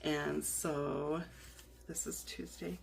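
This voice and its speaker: A woman's voice: low voice, little pitch movement, drawn-out words, gravelly, a little hiss or hum. A woman vlogger chatting in a rambling way with lots of fillers and restarts while she decorates her planner. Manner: rambling, many fillers and restarts, laughs often.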